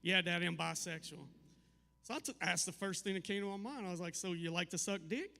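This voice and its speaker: A middle-aged man doing a stand-up set, telling crude family stories with deadpan punchlines. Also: sits high, fairly quick, vocal fry, big-room sound. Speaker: stand-up comedian. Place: live comedy venue.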